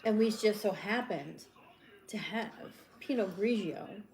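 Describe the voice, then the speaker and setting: A woman's voice: mid-range voice, a little slow, creaky, darkish tone. Brash Long Island woman. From Long Island, New York. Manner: brash, blunt, playful. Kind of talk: casual chat on a livestream.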